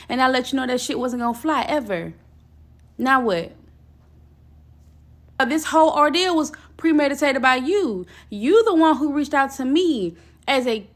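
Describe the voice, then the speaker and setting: A young woman telling a personal story in casual storytime style, blunt and expressive, swearing freely. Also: high-pitched.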